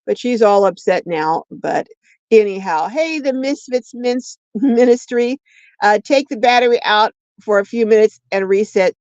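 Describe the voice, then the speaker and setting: A woman's voice: fairly high pitch, unhurried, darkish tone, no room sound. Female livestream host, friendly rambling chat with viewers, dry lo-fi laptop sound. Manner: chatty, greets viewers by name and reads comments aloud.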